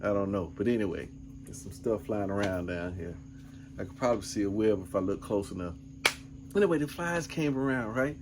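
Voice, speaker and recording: A man's voice: lowish voice, expressive, brisk, background noise. A middle-aged man vlogging, telling a rambling, laid-back story full of asides. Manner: laid-back, rambling, peppered with "man" and "you know what I'm saying". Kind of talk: casual storytelling.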